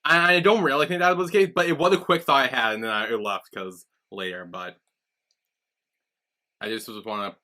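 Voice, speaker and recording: A man's voice: steady tone, a little fast, sharp tone. A man co-hosting a podcast, casually recapping a TV episode and quoting its characters. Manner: retells scenes plot-style, quoting characters in a lowered voice. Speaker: podcast co-host.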